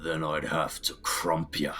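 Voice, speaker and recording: A man's voice: rumbling low, monotone, measured pace, pushed and bright, a little hiss or hum, exaggerated voice. A man voicing a boastful ork pirate admiral in a put-on Cockney accent, with slangy, broken grammar. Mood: gruff.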